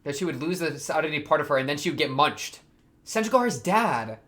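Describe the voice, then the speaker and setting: Man reacting to anime with excited outbursts. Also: a little high, brisk. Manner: talks back to the screen, jumps from muttering to excited outbursts. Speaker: reaction video host. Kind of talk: casual anime reaction commentary.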